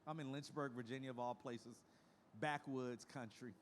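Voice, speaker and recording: A man's voice: mid-range voice, steady tone, moderate pace, slight background noise. A man in his fifties giving a conference keynote as the head of an industry association, speaking frankly in a folksy way and moving from statistics into personal stories. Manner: frank, folksy, emotional storytelling. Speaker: association leader giving a presentation. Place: conference stage.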